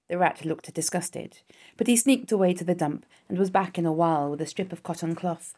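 A woman reading a children's novel aloud in a calm, steady storytelling voice. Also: lowish voice, brisk.

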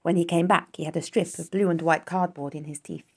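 A woman reading a children's novel aloud in a calm, steady storytelling voice. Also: lowish voice, brisk, husky.

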